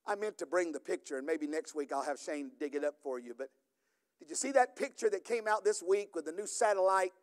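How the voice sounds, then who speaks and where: Middle-aged man, pastor, high-pitched, preaches with rising, emphatic intensity. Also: expressive, brisk. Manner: builds from quiet storytelling to loud, emphatic preaching. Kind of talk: sermon.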